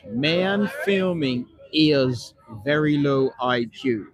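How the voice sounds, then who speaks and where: A man talking loosely to his live chat, drifting from topic to topic and swearing as he goes. His voice sits a little on the high side. The sound is dry, with almost no room around it. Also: unhurried, no echo, low-quality recording. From not born in Britain. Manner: rambling, swears a lot, tags "man" onto most lines. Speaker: livestreamer. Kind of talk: live stream, reading and answering chat. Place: London.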